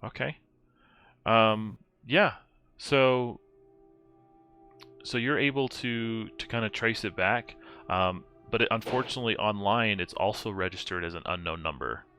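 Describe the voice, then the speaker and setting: A man's voice: lowish voice, unhurried, bright, forceful tone, faint music behind. A man running a tabletop horror game as game master, talking casually with lots of fillers.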